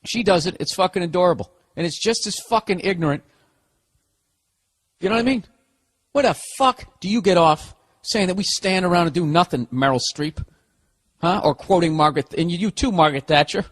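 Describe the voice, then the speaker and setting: A man's voice: sits high, a little fast, a bit bright. Profane, ranting male podcast host. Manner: profane, sarcastic, exasperated ranting. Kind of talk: comedic ranting monologue.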